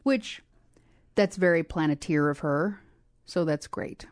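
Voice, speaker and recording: Casting: low-pitched sarcastic woman podcaster, dry close sound. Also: a little slow, dry recording. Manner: sarcastic, laughs often. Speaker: podcast co-host. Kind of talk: casual chat recapping a cartoon.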